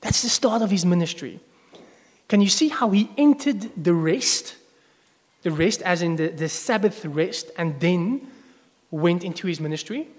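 Male pastor, a bit high-voiced, chatty sermon that quizzes the congregation, live in a reverberant church hall. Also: expressive, a little slow. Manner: conversational, asks the congregation questions. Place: church service before a congregation. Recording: long echo of a large hall.

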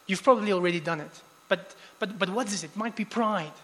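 A man preaching a sermon in a church hall, casual and conversational, often restarting his phrases. His voice sits high for a man, and the hall lends it a long, lingering reverb. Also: fast talker. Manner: conversational, many restarts, animated asides.

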